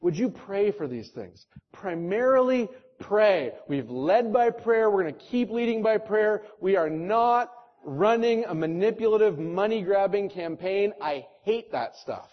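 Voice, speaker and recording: A man preaching with real fire, his fairly high voice swinging between urgent calls and hushed, earnest prayer. The recording is dull and lo-fi, like a church sermon taped and passed along. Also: animated, measured pace. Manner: impassioned preaching, rising loud exhortations then hushed prayer. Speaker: pastor.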